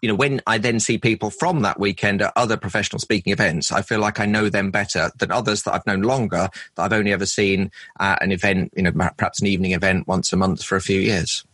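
A man's voice: on the low side, steady tone, fast talker, few pauses, fairly bright tone, husky, no echo, rough recording. A man from London, a comedian, chatting in an interview and telling self-deprecating anecdotes. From London, England. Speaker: comedian and former presenter. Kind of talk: podcast interview chat.

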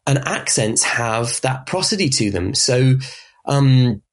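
A man with a Southern English Berkshire accent talks through ideas in an expressive, conversational way. His voice has a husky, slightly breathy edge. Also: mid-range voice, slow. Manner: expressive, demonstrates speech sounds, light laughs. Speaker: podcast guest, voice specialist. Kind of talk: conversational interview.

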